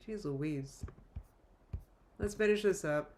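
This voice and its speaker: A woman's voice: on the low side, very noisy. Woman streamer, casual reaction commentary, chatty and rambling. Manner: chatty, rambling, quick asides with laughs. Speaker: live-stream reaction host.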